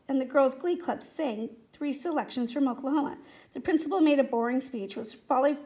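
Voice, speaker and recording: A woman reading a children's story aloud in a steady, expressive way. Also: high-pitched. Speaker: reader.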